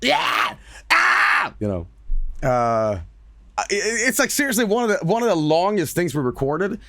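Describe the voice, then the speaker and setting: Here a male streamer and voice actor, chatting casually on stream, uses a high, very animated voice at a moderate pace. The recording is dry. He speaks emphatically, says things more than once and swears freely.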